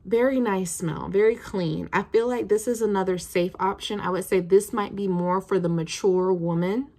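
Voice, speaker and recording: A woman's voice: mid-range voice, fairly even intonation, normal speed, a little mellow. A woman in her twenties chatting casually as she reviews perfumes, thinking aloud with plenty of fillers. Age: 20s.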